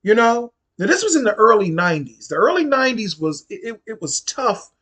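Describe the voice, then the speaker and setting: A husky, slightly breathy man in his forties with a D.C. tells a personal story to camera. His pitch swings up and down a lot as he talks, blunt and profane, hammering points home by repeating them. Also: big pitch swings, fairly quick, fairly bright tone. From Washington, D.C. area. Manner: blunt, profane, emphatic, repeats phrases for stress. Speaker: vlogger. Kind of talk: casual storytime monologue.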